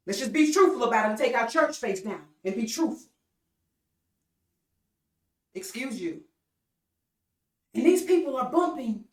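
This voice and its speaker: Woman preacher, online sermon, repetitive stammering build-ups, higher voice, captured from across the room. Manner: repetitive call-and-response preaching with stammered restarts. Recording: echoey room, voice from far off mic.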